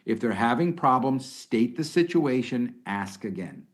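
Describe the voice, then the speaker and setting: Speaking a little slowly in a mid-range voice, this middle-aged expert guest gives conversational advice on a podcast. His delivery is animated, with restarted sentences and acted-out example lines along the way.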